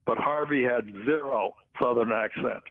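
A man who is a guest author, talking in a halting way with many filler sounds. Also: medium pitch. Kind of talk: phone interview. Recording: tinny phone line.

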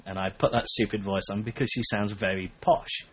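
A man's voice: fairly low pitch, steady tone, brisk, breathy edge. A man co-hosting a podcast, chatting in a joking, self-mocking way with hesitant fillers. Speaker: podcast co-host. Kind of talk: casual chat.

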